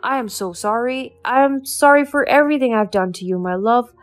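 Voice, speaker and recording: A woman's voice: on the high side, a little slow, soft background music, lightly acted. A woman reading the lines of a remorseful, ruined ex-husband who stammers and pleads for forgiveness, in a storytelling voice. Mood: pleading. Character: remorseful ruined middle-aged ex-husband, man.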